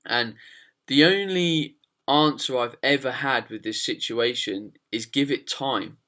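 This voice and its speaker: A man hosting a podcast, his voice bright and forward. He talks casually and explains diet questions at length, circling back over his phrases. It has an easy, chatty flow. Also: medium pitch, a little slow. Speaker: podcast host. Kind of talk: casual chat and nutrition explanation.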